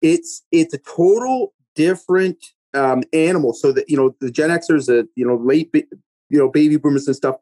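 A man's voice: fairly high pitch, normal speed, warm tone, dry recording. A man talking about managing and keeping young workers in a casual podcast conversation, emphatic and coaching, often checking in with "right?".

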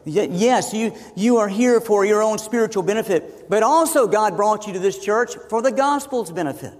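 A pastor delivers a sermon in a voice that sits high for a man, pressing each point by repeating it. His words ring out in a church sanctuary with a long reverb trailing behind them. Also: expressive, moderate pace, darkish tone. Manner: emphatic, repeats phrases for emphasis.

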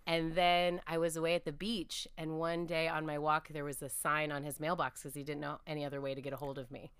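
A woman's voice: deep voice, little pitch movement, fairly quick, fairly bright tone, smooth, no room sound. A woman speaking as a podcast guest, telling reflective, earnest stories about her faith in a conversational interview.

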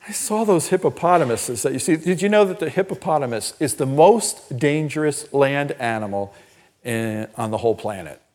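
An older man preaching a sermon as pastor, telling personal stories in an animated, emphatic way. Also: medium pitch, normal speed. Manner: storytelling, animated and emphatic, laughs at own stories. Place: church.

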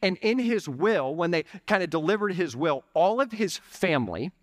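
A young adult man preaching a conversational, animated sermon in church, peppering his talk with "like" and "okay". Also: sits high, normal speed, no echo, clean studio sound. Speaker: pastor. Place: church sanctuary.

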